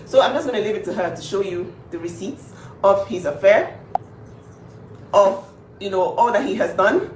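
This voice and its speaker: Speaking at medium pitch and normal speed, a woman with a slightly mellow voice takes long pauses as she stands up for her younger sister. It's a casual kitchen vlog, emphatic, repetitive, and filler-heavy, recorded from a distance in an echoey room with faint background noise.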